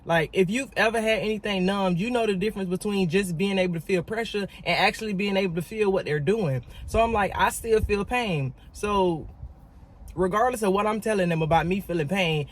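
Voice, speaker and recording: A female vlogger tells a story in a casual video, speaking fairly quickly at a medium pitch. She's emphatic and animated, addressing her viewers directly and repeating words for emphasis.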